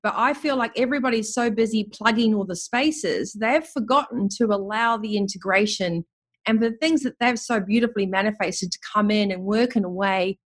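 A woman hosting a spiritual conversation, speaking in an enthusiastic, flowing and expressive way. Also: mid-range voice, fairly quick. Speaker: podcast host.

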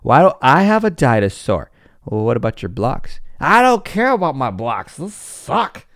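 A man's voice: medium pitch, big pitch swings, normal speed, fairly bright tone, dry recording, clean studio sound, pitched above the performer's own voice. A man voicing a whiny, jealous little boy who demands a toy, in a petulant, whining tone.

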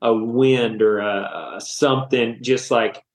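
A man in his thirties shares his personal faith testimony as a podcast guest, with a medium-pitched voice. He tells it in an animated, emotional way, full of casual slang. The recording has a roomy echo. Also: slow pace. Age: 30s.

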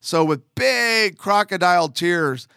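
A man's voice: sits high, lively intonation, takes it slowly, gravelly, pushed and bright, clean tone, no room sound, clean studio sound. Earnest man telling a personal testimony. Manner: earnest, conversational, with emphatic asides. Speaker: father giving a testimony.

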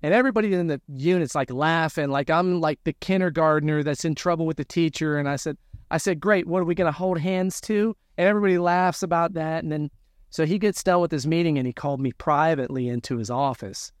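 A man telling his own story in an interview, animated and acting out the dialogue he quotes. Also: a little high, fairly quick, no echo, clean studio sound. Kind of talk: conversational storytelling.

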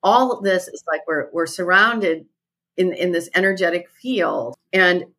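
A woman's voice: fairly low pitch, a little slow, pushed and bright. A woman guest who leads retreats, talking thoughtfully in a podcast conversation and repeating her key phrases.

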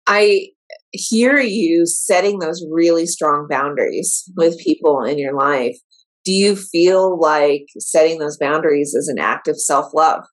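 A woman co-hosting a podcast who reflects back what she heard and asks a question in a calm, affirming way. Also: deep voice, measured pace, low-quality recording. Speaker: podcast co-host.

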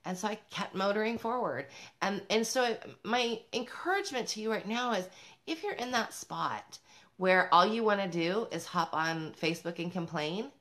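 A parenting vlogger talks to the camera with a medium-pitched, fairly bright voice, lively intonation, and a moderate pace. Upbeat and emphatic, she speaks directly to other mothers in a motivational way, laughing between points.

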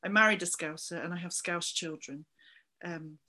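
A woman's voice: fairly low pitch, normal speed, bright, forceful tone. A woman in her forties with a slight Somerset twang, chatting upbeat as a guest in an interview and laughing easily. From England. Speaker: guest, business founder. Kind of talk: casual interview chat.

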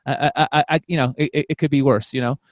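A man, a comedian and podcast guest, telling a candid personal story in an animated way, often repeating words and restarting, with casual swearing. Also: mid-range voice, fast talker, no echo, highs cut off.

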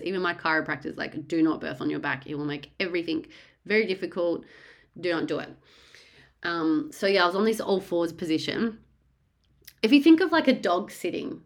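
A young woman talks through a personal story in a relaxed, unscripted way. Her voice sits a little low, and she is candid and chatty, with frequent swearing, fillers and restarts. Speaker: mother telling her birth story. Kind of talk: casual storytelling.

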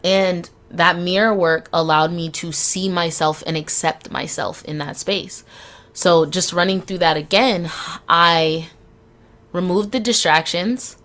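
A woman's voice: lowish voice, fairly even intonation, measured pace, fairly bright tone. A young woman hosting a solo podcast, speaking candidly and frankly, swearing freely and laughing between phrases. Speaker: podcast host.

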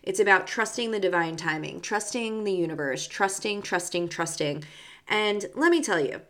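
A woman's voice: mid-range voice, expressive, normal speed, fairly bright tone. A young adult woman hosting a spiritual podcast as a psychic medium, talking in a chatty, bubbly way with lots of fillers. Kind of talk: casual chat.

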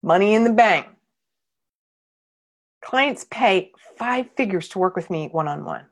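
Husky blunt woman coach. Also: medium pitch, animated, unhurried. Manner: emphatic and blunt, swears freely. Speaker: marketing coach. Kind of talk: coaching training talk.

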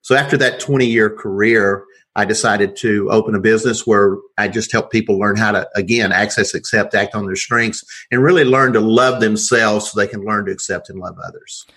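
A middle-aged man with a Southern US accent, speaking in a low, steady voice. He answers politely and courteously as a guest on an interview show. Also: normal speed, husky. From Georgia, US. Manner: polite, says sir often. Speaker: podcast guest. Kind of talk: interview conversation.

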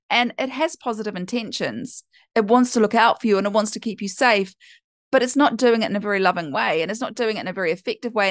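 A woman's voice: medium pitch, no echo, studio quality. Candid, chatty woman podcast host. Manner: candid and chatty, with some swearing. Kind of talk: casual podcast monologue.

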